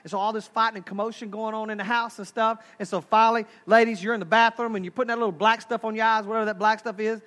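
High-voiced Texan pastor preaching. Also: male voice, fast talker, few pauses. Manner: folksy, humorous, animated storytelling. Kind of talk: sermon.

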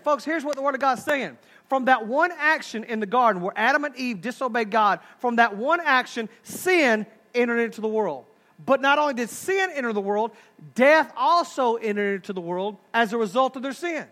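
A pastor with a Texan accent, preaching a sermon in a folksy, humorous, animated storytelling style. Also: male voice, very high-pitched, moderate pace.

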